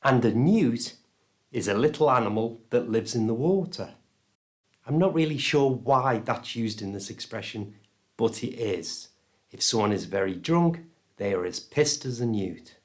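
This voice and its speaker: A man's voice: medium pitch, lively intonation, unhurried. A man with a British accent teaching English pronunciation in a scripted lesson, stressing each sound with care. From United Kingdom. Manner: careful, clear pronunciation coaching.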